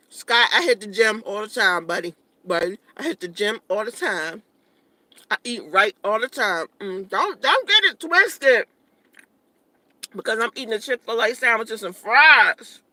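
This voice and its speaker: A woman's voice: medium pitch, measured pace, sharp tone, no echo. A woman in her late thirties hosting a casual livestream, eating and talking with her mouth full, blunt and profane. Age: 30s. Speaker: livestream host.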